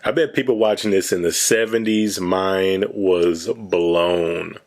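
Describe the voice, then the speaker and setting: A man's voice: deep voice, fairly even intonation, takes it slowly. A man hosting a movie reaction video, chatting casually with slang and frequent laughs. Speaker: host.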